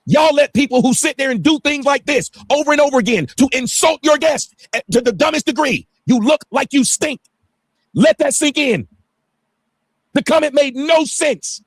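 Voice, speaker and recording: A man's voice: very high-pitched, expressive, normal speed, husky, no room sound, studio quality. A man on a livestream talking heatedly, ranting emphatically and swearing often. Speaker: guest on a livestream.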